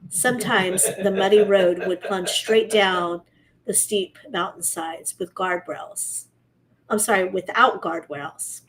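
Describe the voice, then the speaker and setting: Woman, casual story reading, middle pitch, steady, self-corrections. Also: takes it slowly, a little hiss or hum, rough recording. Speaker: podcast co-host reading a story. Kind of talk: casual storytelling read-aloud.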